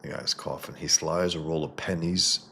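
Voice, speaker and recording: A man casually reviewing a comic book, reading its panels and sound effects aloud between relaxed comments. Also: moderate pace, slight background noise. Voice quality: very deep, gravelly and husky.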